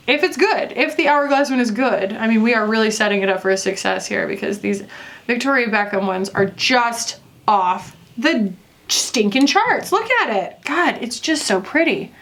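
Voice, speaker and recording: A young woman talks through her makeup in a loose, rambling way, full of fillers and asides. Her voice sits on the higher side. It sounds like a casual beauty review. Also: a bit bright. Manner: chatty, rambling, lots of fillers. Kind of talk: casual chat while doing makeup.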